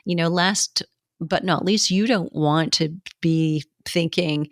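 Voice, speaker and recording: A middle-aged woman gives a coaching lesson in a fairly low, dry voice. She acts out what clients and coaches say and laughs often. Her talk sounds close and unroomy. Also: expressive, moderate pace, no echo. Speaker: fitness and health coach.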